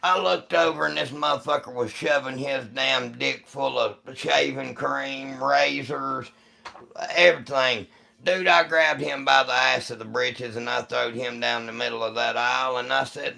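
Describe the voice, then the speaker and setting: A man from the United States hosts a live stream and rambles through a profane story for his chat. His voice is heavily gravelly, with a bright, forceful edge, and he takes his time. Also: mid-range voice, fairly even intonation, measured pace. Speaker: livestream host.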